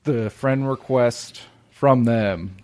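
A man in casual podcast chat who talks in halting bursts, often restarting his sentences. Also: medium pitch, a little mellow. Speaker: podcast co-host.

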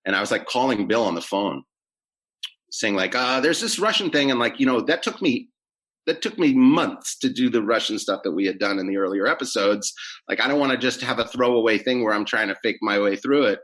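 A middle-aged man, an actor, chatting in an interview in a relaxed, rambling way with many fillers. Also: fairly low pitch, a little fast. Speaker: actor guest. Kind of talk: casual interview chat.

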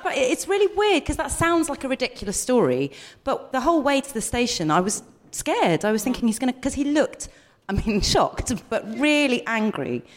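A woman's voice: sits high, sing-song, moderate pace. A woman co-hosting a live comedy podcast, telling self-mocking stories and laughing through them in front of an audience. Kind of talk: live stand-up storytelling. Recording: noisy live recording.

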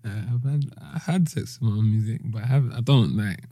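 A man's voice: mid-range voice, quick pace, warm tone, slightly rough, no echo, clean studio sound. A man chatting as a guest on a podcast, laid-back and laughing, often trailing off. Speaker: musician guest. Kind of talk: casual podcast chat.

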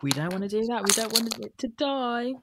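A woman hosting a podcast over a video call, chatty and quick to agree and finish the guest's sentences. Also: on the high side, lively intonation, very noisy. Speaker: podcast host. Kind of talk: casual conversational interview.

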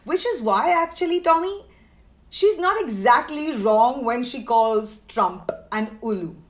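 A woman's voice: a little high, expressive, measured pace. A woman, a comedian guest on a podcast, ranting in a sarcastic, mock-outraged way. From India.

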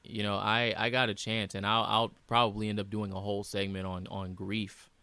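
A man hosts a reflective personal monologue in an earnest voice that sits on the low side but has a tense, bright edge. He circles back and repeats phrases for emphasis. The sound is dry, with no room around it. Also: little pitch movement, normal speed, no room sound.

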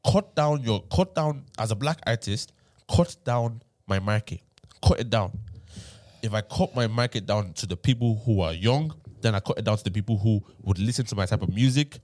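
A man's voice: lowish voice, moderate pace, a little mellow. A young man with an Irish accent in a casual group chat, talking emphatically and repeating words as he starts his point.

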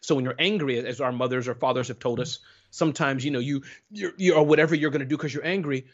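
A man's voice: mid-range voice, fast talker. A man giving a casual interview over a video call, talking playfully and with animation. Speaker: guest. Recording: dull lo-fi online call audio.

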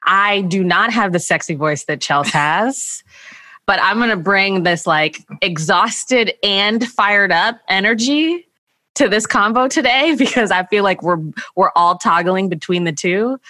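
A woman from Canada chatting on a podcast, self-deprecating and quick to laugh. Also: mid-range voice, sharp tone, no room sound. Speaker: senior writer, podcast guest. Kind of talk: casual podcast chat.

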